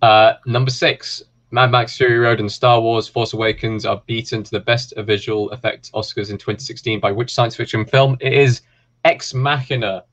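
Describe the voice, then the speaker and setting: A man hosting a film quiz, reading questions and answers with relaxed, chatty asides. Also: mid-range voice, moderate pace. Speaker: quiz host.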